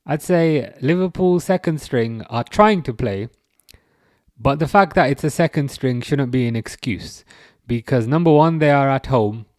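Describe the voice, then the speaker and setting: A man's voice: mid-range voice, measured pace, darkish tone, dry recording, clean studio sound. A man hosting a football livestream, chatting casually, chuckling wryly and answering comments from chat. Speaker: livestream host.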